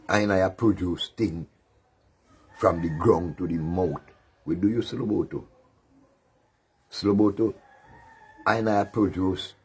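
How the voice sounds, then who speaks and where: A man with a deep, low voice and a Caribbean creole accent hosts a commentary show. His tone is husky and a little rough. He taunts and lectures in a mocking, sermonizing way, laughing as he goes. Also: darkish tone.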